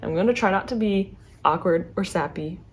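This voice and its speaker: A young adult woman with a mid-range voice chats casually to camera as a book vlogger, speaking quickly and chattily with lots of fillers and restarts.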